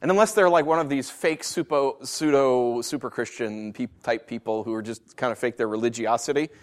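A man preaching a sermon, asking rhetorical questions and swinging from quiet asides to loud declarations. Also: medium pitch, a little fast.

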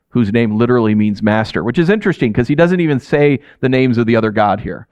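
A man's voice: mid-range voice, quick pace, hardly any pauses, smooth, no echo, dull audio. Conversational male pastor preaching. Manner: conversational, animated, frequent "right?" asides. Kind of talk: sermon.

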